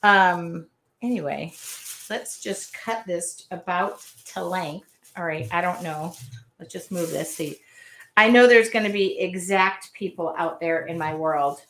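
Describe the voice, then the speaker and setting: A woman's voice: fairly low pitch, a little slow, a bit bright, roomy sound, slight background noise. A middle-aged woman running a live mixed-media art demo, chatty and self-deprecating, talking to viewers while she works. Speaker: art instructor. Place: home art studio.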